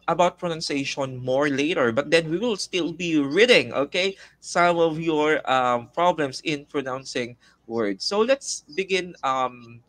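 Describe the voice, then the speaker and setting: Filipino guy teaching oral comm, chatty, kinda high voice, dry close sound. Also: measured pace, a bit bright, no echo. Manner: chatty, fillers, laughs often. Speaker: teacher co-host. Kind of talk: taglish lesson discussion.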